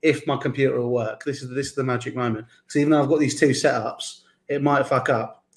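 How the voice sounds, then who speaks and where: A man hosting a casual football talk show, excited and stumbling over his words. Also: medium pitch, quick pace. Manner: excited, stumbling restarts, swearing. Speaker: host.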